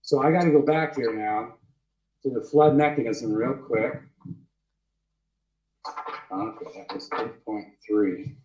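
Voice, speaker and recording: A man's voice: mid-range voice, measured pace, long pauses, a little mellow, muffled recording. Insistent man, echoey and distant. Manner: insistent, repeats his points, asks the audience rhetorical questions. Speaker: webinar presenter walking through his book. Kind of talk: emphatic teaching talk. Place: outdoors with trees behind him. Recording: echoey sound, voice distant from the mic.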